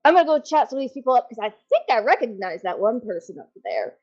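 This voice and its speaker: A woman playing her character in a tabletop game, playful and quick to laugh. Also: a little high, very animated, a little mellow, dull audio, faint music behind. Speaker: player. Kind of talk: casual tabletop play.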